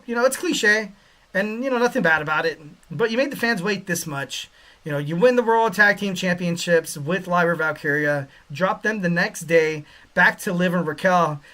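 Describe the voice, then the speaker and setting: A man's voice: sits high, pushed and bright. A man hosting a podcast, giving casual wrestling commentary in a rambling way with many fillers and joking asides. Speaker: podcast host.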